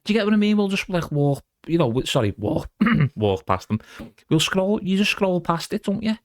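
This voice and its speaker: A man's voice: sits high, sing-song, normal speed, no room sound, clean studio sound. A middle-aged man chatting as a podcast guest, rambling casually and calling the host "mate". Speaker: guest impressionist.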